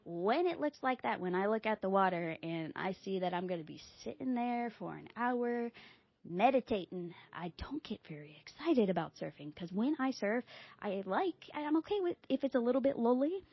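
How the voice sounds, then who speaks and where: Expressive woman podcast host with a dry, slightly dull recording. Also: moderate pace, no echo. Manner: animated, acts out quoted dialogue with big pitch jumps. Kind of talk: casual storytelling.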